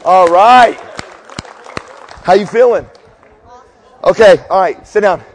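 A man's voice: high-pitched, normal speed. A man preaching a sermon, telling jokey stories and leading his audience through a cheer. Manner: animated, jokey storyteller leading a crowd cheer. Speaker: pastor. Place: large hall before a live audience. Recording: long hall reverb.

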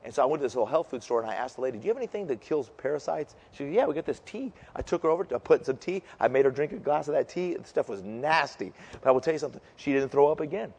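A middle-aged man preaching a sermon as a story, animated and jokey, who acts out the voices of the people in it. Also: medium pitch, racing, hardly any pauses, husky. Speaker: pastor. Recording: long reverb of a large hall.

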